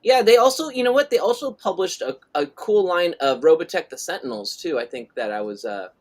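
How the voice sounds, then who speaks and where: Chatting as he draws on a live stream, this middle-aged host reads out viewers' chat messages and rambles along. He speaks fairly quickly in a somewhat high, expressive voice.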